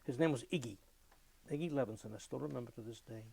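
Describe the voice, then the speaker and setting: Gravelly older New man. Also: medium pitch, quick pace. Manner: lively anecdotal, imitates sounds and voices. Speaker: interviewee, musician. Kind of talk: oral history storytelling.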